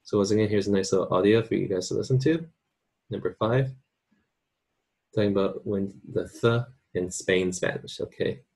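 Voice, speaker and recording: A man's voice: on the low side, normal speed, vocal fry, a little mellow, husky. A man teaching an online language lesson in an informal way, checking in often with his students. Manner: informal, checks in with "okay?" and "right?".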